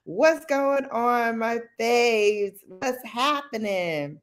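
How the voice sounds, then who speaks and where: A woman hosting a casual live stream, chatty and slangy, often calling out greetings to viewers in a loud, high voice. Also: expressive, slow, hardly any pauses. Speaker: livestream host.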